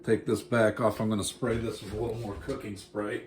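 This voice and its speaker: A man's voice: on the low side, little pitch movement, a little fast, roomy sound, faint music behind. A man demonstrating a recipe in a casual cooking vlog, folksy and joking as he talks straight to his viewers. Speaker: home cooking vlogger. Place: home kitchen.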